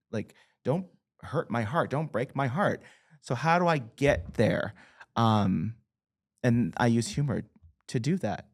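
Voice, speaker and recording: A guest author talking casually in an interview, joking at their own expense and laughing often. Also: medium pitch. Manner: animated, self-deprecating humor, laughs often. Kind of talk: conversational interview.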